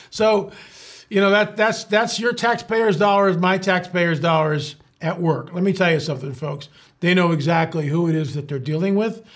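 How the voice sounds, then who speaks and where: Husky-voiced man, sarcastic host. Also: a little high. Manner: incredulous, sarcastic, many fillers and restarts. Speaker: show host. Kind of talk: casual commentary monologue.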